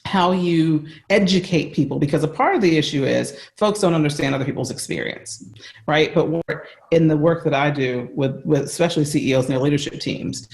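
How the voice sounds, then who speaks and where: A woman's voice: deep voice, a little fast, a little mellow. Earnest American woman on an echoey call. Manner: earnest, emphatic, explains with examples. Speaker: leadership coach. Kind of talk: conversational interview answer. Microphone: video call.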